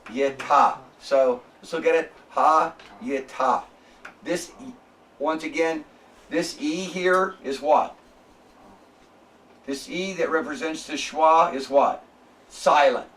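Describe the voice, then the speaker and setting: Guy lecturing a classroom, kinda high voice, mic far off, keeps checking "okay?". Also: a bit bright, a little hiss or hum. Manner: spells out sounds slowly, checks in with "okay?".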